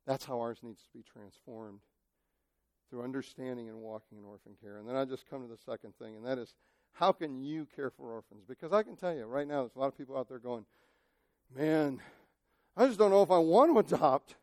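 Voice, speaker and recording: A male pastor preaching a sermon, impassioned, moving from shouted cries to near-quiet asides. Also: medium pitch, brisk, dry recording, clean studio sound.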